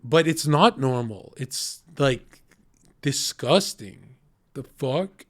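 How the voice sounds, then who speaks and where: A man's voice: medium pitch, animated, slow pace, fairly bright tone. A man streaming, reacting with blunt, profane, jokey asides in casual commentary.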